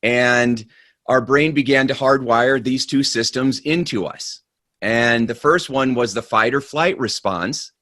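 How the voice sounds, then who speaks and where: Casting note: a male webinar speaker, lively storytelling delivery. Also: medium pitch, measured pace, no room sound. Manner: animated storyteller. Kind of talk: storytelling talk.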